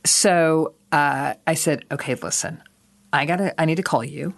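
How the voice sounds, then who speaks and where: A woman's voice: low-pitched, moderate pace, gravelly. A woman co-hosting a podcast, telling a rambling story in casual chat, swearing freely and laughing often. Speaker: podcast co-host.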